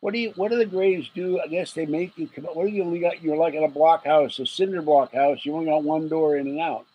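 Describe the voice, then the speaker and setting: A man's voice: fairly high pitch, steady tone, fast, slightly rough, highs cut off. A man hosting a late-night livestream, rambling and joking with viewers, chuckling often and getting sleepy. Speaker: livestream host.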